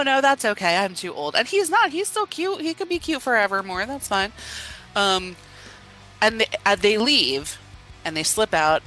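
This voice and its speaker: A woman's voice: medium pitch, low-quality recording. A woman co-hosting a horror movie podcast, chatting casually and laughing often as she retells scenes. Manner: giggly, animated storytelling with acted quotes. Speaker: podcast co-host. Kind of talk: casual chat.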